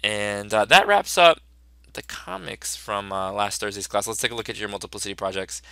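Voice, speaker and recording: A man's voice: lowish voice, brisk, gravelly, sharp tone, clean tone, no room sound. A man teacher giving a casual, upbeat review of his students' work, chatty and full of fillers.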